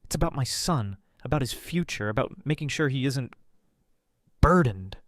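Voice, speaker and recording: A man's voice: mid-range voice, lively intonation, brisk, dry recording, studio quality, lightly acted. A man voicing a scheming older mother-in-law who talks in a syrupy, sneering way. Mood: cold.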